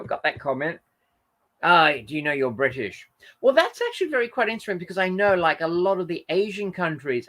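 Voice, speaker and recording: This live stream host has a voice on the high side that's a bit bright. He chats in a relaxed way and reads out what viewers post. His speech rambles, dotted with fillers and frequent mid-sentence corrections.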